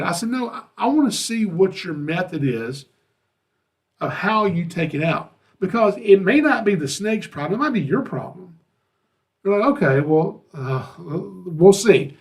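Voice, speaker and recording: Folksy storytelling man, fairly high voice. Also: animated, moderate pace. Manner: folksy, acts out quoted dialogue. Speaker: podcast host, snake handler. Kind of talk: casual storytelling monologue.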